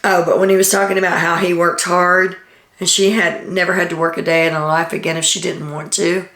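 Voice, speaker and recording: Speaking fairly quickly in a lowish, slightly bright voice with little pitch movement, a woman recaps a reality TV episode. She tells it in a chatty, storytelling way, relaying quotes with occasional "um"s, and the room sounds echoey.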